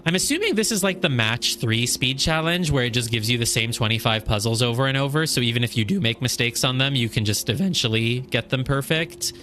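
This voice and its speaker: A man's voice: mid-range voice, expressive, brisk, few pauses, bright, forceful tone, faint music behind. A young man streaming a puzzle game, thinking aloud, counting squares and scolding himself over his mistakes. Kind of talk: casual live gameplay commentary.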